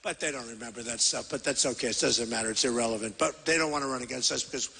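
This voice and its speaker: A man's voice: mid-range voice, fast, creaky, sharp tone, slightly rough. A man in his sixties giving a rambling, boastful, repetitive campaign rally speech into a podium microphone in a large convention hall. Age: 60s. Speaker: presidential candidate. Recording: reverberant hall PA sound.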